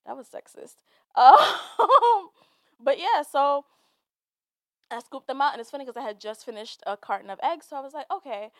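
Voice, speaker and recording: A woman's voice: high-pitched, animated, a little fast, no echo. A young woman hosting a podcast alone, talking candidly and profanely, laughing and teary as she tells a personal story. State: teary, laughing through tears. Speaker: podcast host. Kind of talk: casual monologue.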